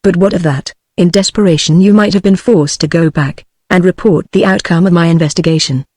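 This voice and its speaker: A text-to-speech British English female voice reading the lines of a composed young man, a gentleman thief, in an even synthetic tone. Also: fairly low pitch, a little fast, slightly rough, dry recording, studio quality. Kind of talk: text-to-speech audiobook dialogue.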